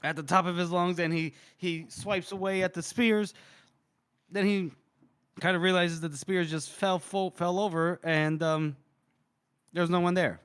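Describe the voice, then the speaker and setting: A man's voice: sits high, steady tone, unhurried, a bit bright, clear, resonant tone, dry recording, clean studio sound. A man co-hosting a podcast, animatedly retelling a story, acting out the characters' lines and laughing often. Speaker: podcast co-host. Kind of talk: casual book discussion.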